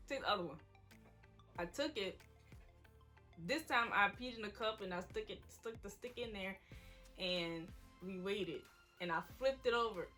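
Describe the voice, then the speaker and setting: A woman's voice: a little high, pushed and bright. A woman, casually telling an emotional personal story to the camera. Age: 20s. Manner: casual, quoting people in her story. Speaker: vlogger.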